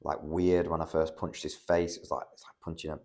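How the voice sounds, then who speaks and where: An amateur MMA fighter, young and British, is the guest here, rambling through a story in loose podcast chat with plenty of fillers and swearing. His pitch is extremely low and his tone level, with a brisk pace and a gravelly, slightly mellow sound.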